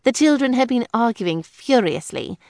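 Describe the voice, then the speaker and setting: A woman's voice: a little high, moderate pace, no echo, studio quality. A woman reading a novel aloud as a first-person narrator. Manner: even, clear storytelling. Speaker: audiobook narrator.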